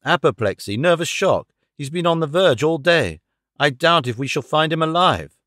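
A man's voice: on the high side, very animated, moderate pace, fairly bright tone, no echo, clean studio sound. A man reading an audiobook voices a careworn young man, urgent and earnest about his dying father. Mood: anxious.

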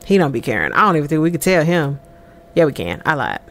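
A woman giving chatty, animated let's-play commentary over a life-sim game, laughing often. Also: deep voice, fast talker, vocal fry, a little hiss or hum. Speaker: gameplay commentator.

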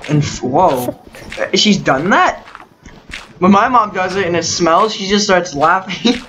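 A man's voice: high voice, lively intonation, unhurried, bright, forceful tone. A young man streaming a game, chatting crudely with friends, swearing and laughing often. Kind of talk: casual gaming chat with friends. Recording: noisy gaming voice chat.

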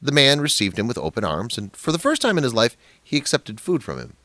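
A man's voice: mid-range voice, very animated, fairly quick, sharp tone, dry recording. A man narrating a dramatic family story in a scripted, emphatic way.

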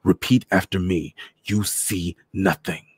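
A man voicing a cruel soldier who hisses slow threats. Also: low voice, darkish tone, dry recording. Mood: menacing. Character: cruel menacing male soldier.

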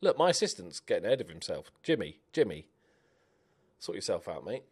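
A young man giving chatty, animated commentary while playing a game, cheering on his players. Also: low-pitched, brisk, husky. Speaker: gaming YouTuber. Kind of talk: casual let's-play commentary.

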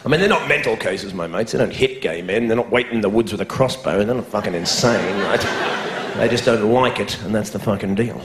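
A man's voice: on the low side, fairly quick, very noisy. A man with an Australian accent doing a profane, ranting stand-up comedy set, talking straight to a live audience. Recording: roomy club with loud crowd laughter.

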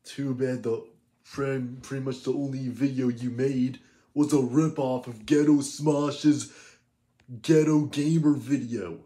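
A man's voice: mid-range voice, fairly even intonation, takes it slowly, warm tone, close to an everyday voice. Kevin, a man doing a sneering teen bully. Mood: ranting. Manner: name-calling, mocking rants. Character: cocky scornful teenage boy bully. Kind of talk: fan parody roast.

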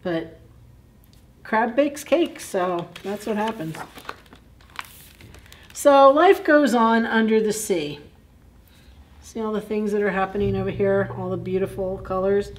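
Slow, gentle woman reading to kids. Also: mid-range voice, slight background noise. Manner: gentle, chatty, asks listeners questions. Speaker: children's librarian. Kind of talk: children's story time read-aloud.

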